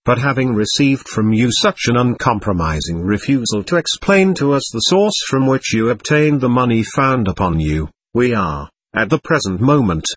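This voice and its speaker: Man doing a polite stiff young lawyer, husky tone, dry close sound. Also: mid-range voice, animated, normal speed, few pauses, no room sound. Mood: formal. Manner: smooth, formal, courteous.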